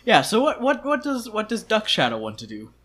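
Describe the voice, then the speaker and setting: A man narrating as game master of a tabletop game, halting and repeating words as he describes scenes. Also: high-pitched, huge pitch swings, fairly bright tone.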